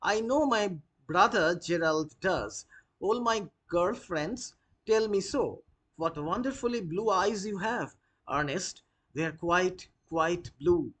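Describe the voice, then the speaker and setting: A man reading a forward, proper young society woman's lines, his voice lifted higher than his usual talk. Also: takes it slowly, fairly bright tone, full character voice. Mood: prim, forward. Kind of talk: reading a play aloud in class.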